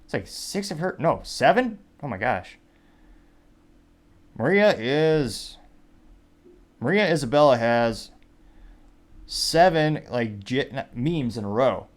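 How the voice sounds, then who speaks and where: A man's voice: mid-range voice, animated, slow, long pauses. Wry rambling male show host. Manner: wry, rambling, reads quotes aloud with "quote, unquote". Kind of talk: casual commentary reading social media.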